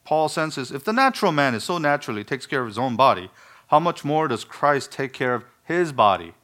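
A male pastor delivers a sermon in a mid-pitched voice. He is earnest and emphatic. He drops in wry, self-deprecating asides. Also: sing-song, brisk, a bit bright.

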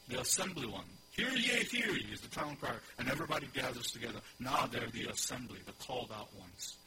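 A man's voice: medium pitch, noisy background. A pastor preaching to a congregation, explaining scripture verse by verse, repeating key phrases for emphasis and putting questions to his listeners. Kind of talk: expository sermon teaching.

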